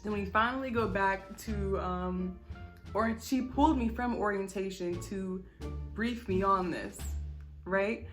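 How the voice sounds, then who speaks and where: Young woman, storytime vlog, animated and profane, chatty asides, faint music underneath. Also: medium pitch, measured pace. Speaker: vlogger. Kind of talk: casual storytime.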